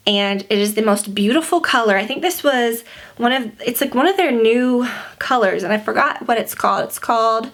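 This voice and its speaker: A woman's voice: fairly high pitch, moderate pace, a bit bright. A pregnant woman in her twenties giving a casual, gushing vlog update at home, near tears and full of fillers. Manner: chatty, gushing, many fillers. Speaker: beauty vlogger.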